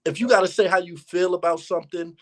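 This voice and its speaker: Candid higher-voiced man talking battle rap. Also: fairly even intonation, quick pace, fairly bright tone. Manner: candid, reflective storytelling in slang. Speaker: battle rapper, interview guest. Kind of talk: casual conversation.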